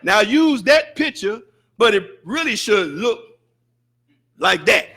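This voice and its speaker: A man with a very high, bright, forceful voice preaches a sermon in a mosque. He delivers it with fervor and breaks into shouts to drive his points home. Between them he mimics people's excuses in wry, drawn-out asides. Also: big pitch swings. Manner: fervent preaching with shouted bursts. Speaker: student minister.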